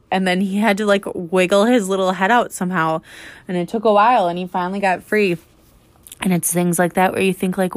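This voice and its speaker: Young woman, chatty, filler-heavy, lower voice, dry close mic. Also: steady tone, brisk, dry recording. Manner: chatty, lots of "like" and "um". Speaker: podcast host, high school teacher. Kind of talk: casual storytelling.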